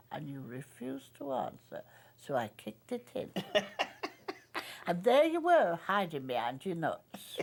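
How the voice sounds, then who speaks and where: An older woman from Northern England, an actress, telling stories from her career in an animated conversation and laughing often. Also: on the high side, gravelly. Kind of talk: reminiscing conversation.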